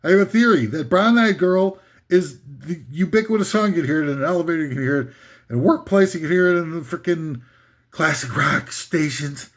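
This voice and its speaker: A man's voice: fairly high pitch, lively intonation, fairly quick. Scornful rambling man ranting. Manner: scornful, rambling, sarcastic, with mock singing bits. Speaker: comedic ranter. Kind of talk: comedic rant.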